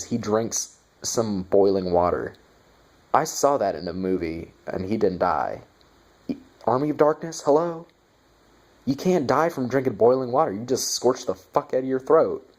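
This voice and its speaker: A man's voice: fairly low pitch, expressive, normal speed, darkish tone. Sarcastic man reviewing a movie. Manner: sarcastic and profane, with mocking asides. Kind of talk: casual spoken movie review.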